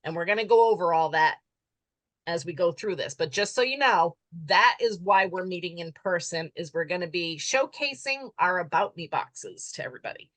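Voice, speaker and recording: Woman leading a class on a video call, chatty and friendly, a bit hoarse, dry sound. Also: on the low side, lively intonation, normal speed, a bit bright, dry recording, rough recording. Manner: friendly, chatty, says she is losing her voice. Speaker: class leader. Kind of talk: online class instruction.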